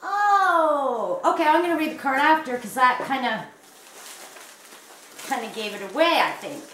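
A Canadian woman in her fifties, a crochet vlogger, chatting casually on camera and gushing with excited, breathless giggles. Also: sits high, moderate pace, slight background noise. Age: 50s. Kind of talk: casual vlog unboxing. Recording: echoey room.

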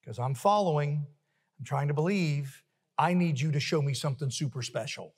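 A male pastor preaching a sermon emphatically, building to forceful refrains. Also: a little high, normal speed, breathy edge, long reverb tail. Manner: emphatic, rising to forceful peaks with repeated refrains. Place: church sanctuary.

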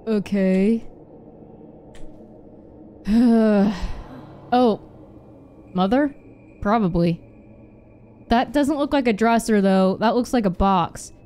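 A young woman streamer doing let's play commentary in a horror game, swearing and yelling at enemies. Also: mid-range voice, slow pace, long pauses, slight background noise. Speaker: gaming streamer.

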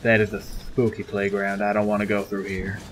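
A man's voice: on the low side, monotone, moderate pace. Male let's-play commentator, casual and jokey, easily spooked, noisy background hum. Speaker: gameplay commentator.

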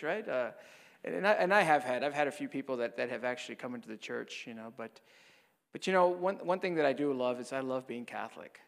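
A man's voice: mid-range voice, lively intonation, fast talker, gravelly, in a large hall. A man, a Catholic priest, giving a mission talk in a conversational storytelling way, often checking in with "right?". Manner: conversational, frequent "right?" tags.

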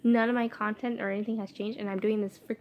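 A teenage girl vlogging to her phone camera in her bedroom, rambling and apologetic with lots of fillers, her voice hoarse from a sore throat. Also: mid-range voice, level tone, quick pace, muffled recording. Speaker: YouTuber. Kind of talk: casual vlog chat. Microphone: phone camera held vertically.

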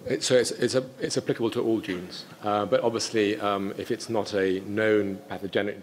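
A man with a lowish voice delivers a scientific presentation at a conference. He speaks in a measured, technical way, often restarting phrases as he explains data and takes questions. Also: steady tone, a little hiss or hum. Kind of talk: scientific talk and Q&A answers.

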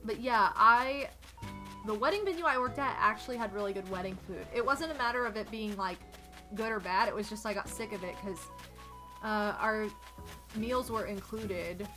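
A woman's voice: mid-range voice, normal speed. A woman streamer chatting casually while she plays, rambling with lots of "like" and gushing thanks to donors. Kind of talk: casual gameplay chat. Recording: music playing behind.

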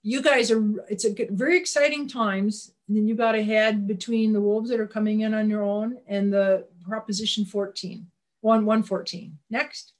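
A woman's voice: mid-range voice, steady tone, moderate pace. Folksy woman giving a slide talk. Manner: conversational, with frequent restarts and calls for the next slide; folksy, plainspoken. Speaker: wildlife presenter.

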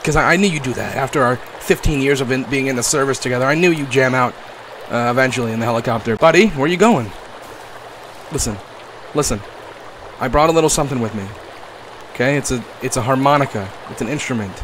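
Talking quickly at a medium pitch over background noise, this young man riffs through gameplay as a YouTuber. His humour is playful and crude, jumping between fake tenderness and shouted profanity.

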